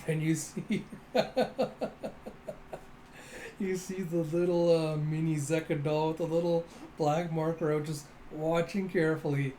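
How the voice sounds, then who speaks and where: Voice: mid-range voice, normal speed, a little hiss or hum. Brief: chatty readthrough host, playful, mimics the sound effects. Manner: animated, laughs often, mimics sound effects. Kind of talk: casual comic readthrough.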